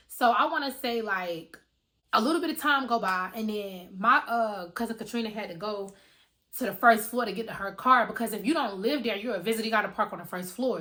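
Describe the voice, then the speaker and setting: A woman telling a story to her viewers in a casual, animated way, full of slang and swearing. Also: mid-range voice. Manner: animated, slangy and profane, addressing viewers directly. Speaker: storytime vlogger.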